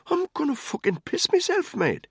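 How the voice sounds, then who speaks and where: A cheeky, matey soldier, as a male narrator puts him on in a lifted, husky voice. He wheedles and jokes his way past people with a casual swagger. The recording is dry and close. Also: medium pitch, lively intonation, quick pace, darkish tone, dry recording, pitched above the performer's own voice, heavily acted. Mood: pleading.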